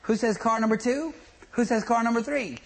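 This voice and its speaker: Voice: medium pitch, moderate pace, creaky. A traffic school instructor giving a comic lecture to a class, telling stories and quizzing the room. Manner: joking, storytelling, quizzes the room.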